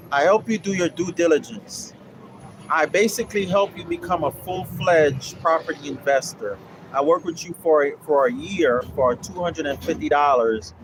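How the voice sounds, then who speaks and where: A man's voice: a little high, noisy background. A young man who runs a land investing course, talking casually and bluntly on a livestream, swearing and repeating himself as he preaches. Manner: blunt, profane, repetitive preaching. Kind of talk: casual livestream talk answering viewers.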